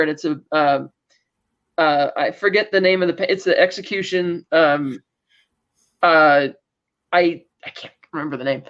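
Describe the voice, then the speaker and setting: Casually recapping a TV episode, a male podcast co-host loosely paraphrases the characters' lines with "blah, blah, blah." His voice is on the high side and fairly bright, at a moderate pace, though the audio sounds dull.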